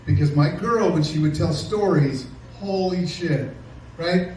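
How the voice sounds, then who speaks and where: Sarcastic stand-up comic in an echoey club. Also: male voice, a little high, unhurried, a little hiss or hum. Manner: sarcastic, deadpan storytelling with crowd work. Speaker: stand-up comedian. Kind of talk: stand-up comedy set. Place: comedy club stage. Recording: echoey live room from a distance.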